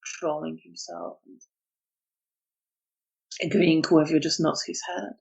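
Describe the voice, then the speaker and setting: A woman narrating a tabletop vampire game as storyteller, soft-spoken and hesitant with fillers. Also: deep voice, fairly even intonation, measured pace, creaky, poor audio.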